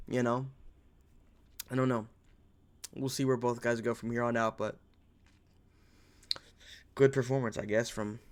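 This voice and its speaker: A young man talks through the night's fights in a relaxed, rambling way, cursing now and then. His voice is smooth and clear at an ordinary pitch. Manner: laid-back, rambling, swears casually. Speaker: MMA reaction host. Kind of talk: casual fight recap monologue.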